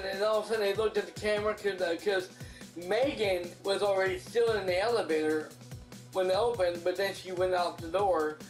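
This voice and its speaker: A movie reviewer recapping a film in casual, profane speech, full of restarts and acted-out character lines. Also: medium pitch. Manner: rambling, profane retelling with many restarts; acts out characters' lines in a raised voice. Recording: roomy echo, faint music behind.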